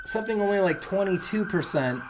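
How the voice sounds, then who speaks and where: A man's voice: high-pitched, lively intonation, brisk, noisy background. A man co-hosting a podcast, telling a funny story in casual chat and acting out the other people's lines. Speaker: podcast co-host.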